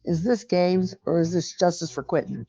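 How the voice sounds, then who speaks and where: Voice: medium pitch, normal speed, dark tone, husky, dry recording, lo-fi sound. A narrator giving scripted commentary over a clip, with snarky, mocking asides.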